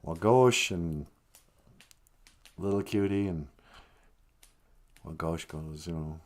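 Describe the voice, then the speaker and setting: A man's voice: sits low, takes it slowly, pauses often, a little mellow. A man casually telling a comic animal story, chatty and full of asides. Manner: chatty, lots of asides and chuckles.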